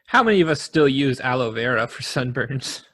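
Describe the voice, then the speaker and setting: A man's voice: medium pitch, expressive, moderate pace, fairly bright tone. A man co-hosting a casual history podcast, thinking aloud and offering guesses as he talks. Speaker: podcast co-host.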